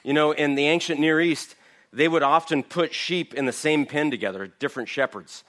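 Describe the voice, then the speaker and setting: Male preacher, slightly high voice, emphatic Bible teaching with rhetorical questions. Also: moderate pace, a bit bright. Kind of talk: sermon, verse-by-verse Bible teaching.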